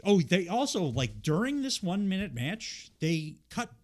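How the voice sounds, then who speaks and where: A man's voice: high voice, big pitch swings, normal speed. Man with a cold, podcast host, rambling casual wrestling talk, swears a lot. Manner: rambling, profane, lots of fillers and quoted impressions. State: has a cold. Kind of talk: casual wrestling recap chat.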